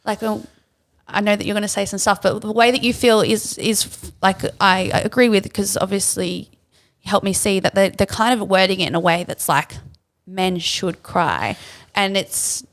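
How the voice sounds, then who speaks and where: A woman's voice: mid-range voice, fairly even intonation, a little fast. Young Australian woman, podcast host, earnest and conversational, mid-range voice. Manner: earnest, hedging with many "like" fillers. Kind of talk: casual opinion chat.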